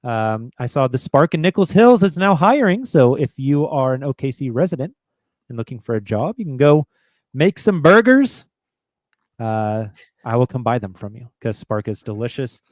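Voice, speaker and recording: A man's voice: mid-range voice, sing-song, normal speed, a little mellow, no room sound. A man hosting a sports podcast, chatting casually, joking and reading sponsor spots. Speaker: podcast host. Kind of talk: casual chat.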